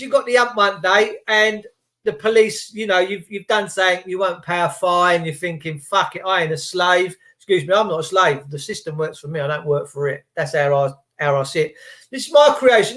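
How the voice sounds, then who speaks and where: A man ranting casually to his viewers, acting out little scenes in quick put-on voices, slangy and swearing. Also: high-pitched, a bit bright. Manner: slangy, swears, rhetorical questions. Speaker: video host.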